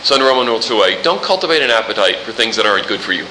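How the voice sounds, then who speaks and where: Male pastor, animated and jokey sermon delivery, bright tone, roomy reverb. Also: fairly low pitch, racing, slight background noise. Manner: animated, jokey preaching with rhetorical questions.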